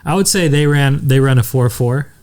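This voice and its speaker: A young man chatting easily on a podcast, spinning a travel story. He slips into other people's voices as he quotes them. His voice sits at an ordinary middle pitch. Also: moderate pace, darkish tone. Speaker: podcast co-host. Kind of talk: casual chat.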